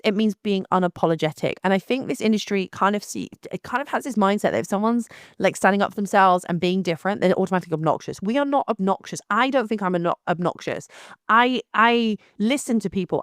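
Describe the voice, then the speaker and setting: A young woman, hosting her own podcast in a blunt, animated, casual monologue with frequent restarts. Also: medium pitch, fast, no room sound, clean studio sound.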